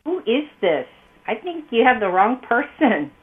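A woman's voice: on the high side, big pitch swings, measured pace, breathy edge, dry recording. A woman answering a phone call, polite, puzzled and patient. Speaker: prank call target. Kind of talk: phone conversation. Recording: tinny phone line.

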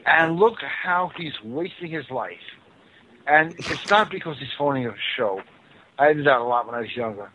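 A man's voice: on the high side, animated, normal speed, bright, forceful tone, slight background noise. A man hosting a call-in talk radio show, blunt and mocking as he lectures the callers. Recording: narrow phone-like radio sound.

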